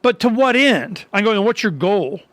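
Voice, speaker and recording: At a moderate pace, a man hosting a casual talk radio conversation rambles in a high, bright voice. He trips over restarts and breaks into lively quoted dialogue, all captured in a close, dry recording.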